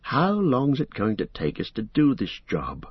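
A man's voice: mid-range voice, huge pitch swings, unhurried, breathy edge, no echo, voice pushed up, full character voice. A man reading the part of a loyal, blunt male hobbit servant with homely country speech, on a dull lo-fi recording. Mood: practical. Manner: plain-spoken, homely country talk.

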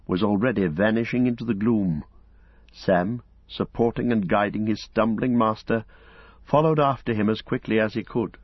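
A man reading a story aloud as an audiobook narrator, in a measured, dramatic storytelling manner. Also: on the low side, slightly rough, no echo. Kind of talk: scripted narration. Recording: dull lo-fi recording.

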